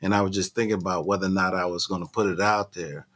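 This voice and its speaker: A man co-hosts a casual talk show in a relaxed, meandering manner. His voice is somewhat low but very bright, and he keeps circling back to restart his thoughts. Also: fast. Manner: laid-back, rambling, with many restarts. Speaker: co-host.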